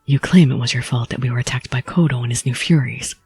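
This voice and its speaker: A woman voicing a reserved young male swordsman in a low, flat, formal manner. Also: quick pace, faint music behind. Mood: stern, reserved.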